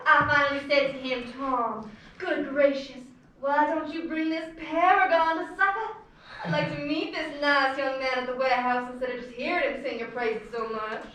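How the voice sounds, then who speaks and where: A woman's voice: high voice, fairly bright tone, slight background noise. A young woman acting a middle-aged Southern belle mother who chatters in a flowery, gushing way, recorded from far off in an echoey room. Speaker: student actor. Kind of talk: stage play scene.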